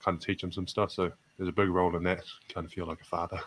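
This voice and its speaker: A man with a New Zealand accent answers interview questions in an easygoing, self-deprecating way. His voice sits on the low side, and "mate" keeps slipping into nearly every sentence. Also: flat delivery, fast, a little hiss or hum, poor audio. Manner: laid-back, self-deprecating, says "mate" constantly. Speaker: basketball player.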